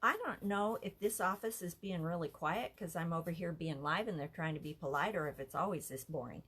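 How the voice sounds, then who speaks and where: A woman's voice: fairly low pitch, a little fast, a bit bright, breathy edge. A woman leading a live craft lesson from an art center office, chatty and easily amused. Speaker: art instructor.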